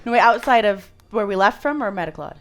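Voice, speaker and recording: A woman playing in a tabletop game, talking eagerly and excitably in character. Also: medium pitch, fast, faint music behind.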